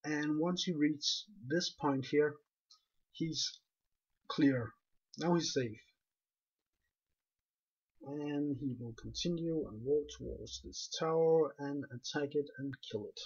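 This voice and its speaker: A man with a non-native English accent, calmly explaining a game walkthrough step by step. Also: on the high side, slow, long pauses, husky. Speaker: game guide narrator. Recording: dull lo-fi recording.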